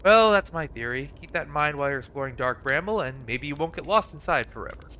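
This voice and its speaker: A man reading out a laid-back, folksy alien pilot from a space exploration game, stranded and unbothered, trading in dry jokes. The voice sits a little high and sounds bright and forceful. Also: lively intonation, quick pace. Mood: musing. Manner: folksy, dry humor, read aloud from on-screen dialogue. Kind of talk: reading game dialogue aloud.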